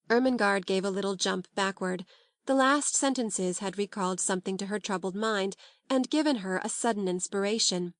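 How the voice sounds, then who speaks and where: A woman narrating a classic novel as an audiobook, in a calm, measured, unhurried way. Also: mid-range voice, no room sound, studio quality.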